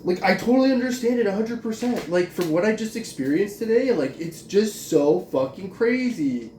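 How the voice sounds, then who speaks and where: A man's voice: sits high, animated, normal speed, darkish tone, a little hiss or hum. A man in a profane, agitated, rambling rant, filling his talk with "like". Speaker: vlogger. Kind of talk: ranting monologue. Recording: roomy, distant from mic, faint ambience.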